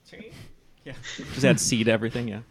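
A man's voice: medium pitch, fairly even intonation, fast, vocal fry. A man bantering casually while playing podcast trivia, joking and rambling. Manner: joking, rambling, full of fillers. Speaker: trivia team player.

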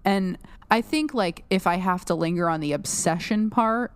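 A woman's voice: lowish voice, normal speed, smooth. A woman with a New Jersey accent co-hosting a casual podcast, chatting and laughing as she quotes lines from the show. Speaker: podcast co-host. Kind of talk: casual chat.

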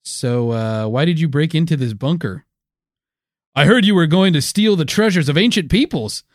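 A cocky, roguish archaeologist professor boasts about looting, all smug self-promotion, as a man puts him on. The voice sits a bit high and swings widely in pitch, recorded close and dry with no room sound. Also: animated, normal speed, dry recording, lightly acted. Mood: boastful.

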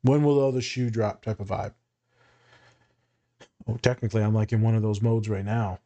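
A man's voice: fairly low pitch, fairly even intonation, normal speed, warm tone. A man co-hosting a casual podcast, talking loosely and profanely with frequent laughter. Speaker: co-host.

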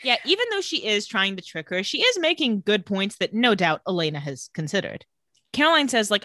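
A young woman co-hosting a podcast, casually recapping a TV episode and acting out the characters' lines in animated storytelling. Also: medium pitch, a little fast, no room sound, clean studio sound. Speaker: podcast co-host.

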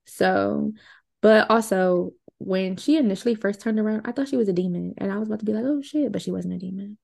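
A woman's voice: mid-range voice, steady tone, fairly quick, vocal fry, darkish tone. Woman podcaster recapping a movie. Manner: conversational, wry and indignant. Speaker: podcast co-host.

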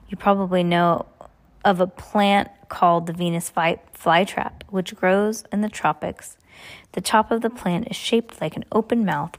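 Woman reading a novel aloud, stumbling. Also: on the low side. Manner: stumbling, frequent restarts. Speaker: reader.

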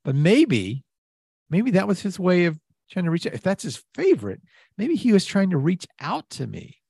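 A man co-hosting an improvised comedy podcast, animated and teasing, quick to laugh. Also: high-pitched, creaky, breathy edge, no room sound, clean studio sound. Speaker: co-host.

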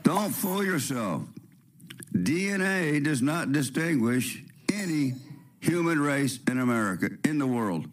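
Hosting a spiritual radio program, this man sounds raspy and sniffly with a cold, his voice on the high side, sing-song, and a little slow. His delivery is preachy and meandering, full of rhetorical questions and restarted sentences.

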